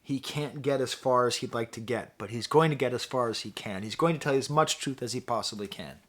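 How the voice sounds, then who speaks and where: A man's voice: medium pitch, fairly bright tone. Impassioned man reviewing a record. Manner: impassioned, emphatic, quick to laugh; talks straight to the viewer, teacherly asides. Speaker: music reviewer hosting his own channel. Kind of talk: casual record review monologue.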